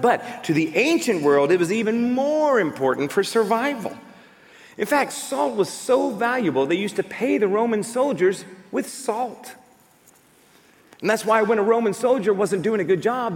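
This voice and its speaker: A man's voice: high voice, big-room sound. A man preaching a sermon as a pastor, emphatic and full of rhetorical questions.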